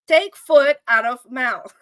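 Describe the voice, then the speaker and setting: High bright-voiced woman chatting live. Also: slow, no echo. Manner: emotional, laughing, chatty with viewers. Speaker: channel host. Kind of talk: casual livestream chat.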